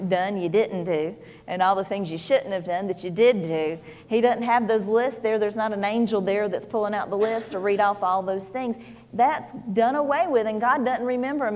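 A woman's voice: mid-range voice, dull audio. Woman preacher, mid-range voice, chatty folksy sermon delivery, lingering hall reverb. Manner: conversational, folksy storytelling with many "you know"s.

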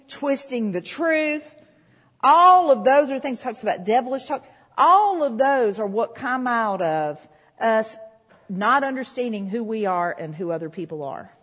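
A woman preaching a sermon in a church, talking conversationally with the congregation. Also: medium pitch. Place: church hall. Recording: reverberant hall.

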